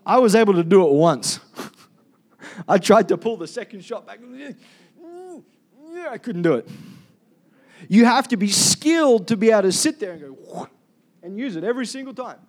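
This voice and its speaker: A high-pitched man preaching in an easygoing, joking style. He keeps drawing the congregation in with calls for amen. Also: animated, normal speed. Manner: casual, jokey, calls for amens. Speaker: pastor. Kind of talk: sermon.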